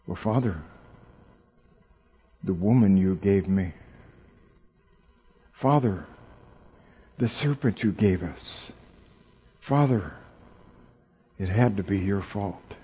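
A man voicing Adam, a guilty man speaking softly, low and pleading as he blames his maker. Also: animated, slow, long pauses, husky, dull audio, full character voice. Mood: blaming.

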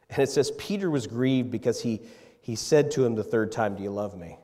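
A man preaching a sermon, moving between loud emphatic passages and hushed, tender ones. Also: medium pitch, animated, normal speed. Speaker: pastor. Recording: long reverb in a hall.

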